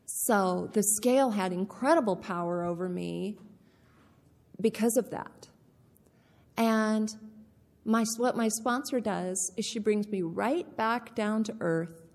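A woman tells her own story at an unhurried pace, plain and candid, and she repeats her key points for weight. Her mid-pitched voice carries a long reverb from a big meeting hall. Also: a little mellow. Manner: candid, repeats key phrases, slow deliberate delivery. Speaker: speaker sharing her recovery story. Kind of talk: personal testimony talk.

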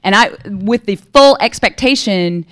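This woman's voice is medium-pitched and a bit bright, and she takes her time. She's sharing her recovery testimony at a meeting in a frank, conversational way, repeatedly asking her listeners "right?"

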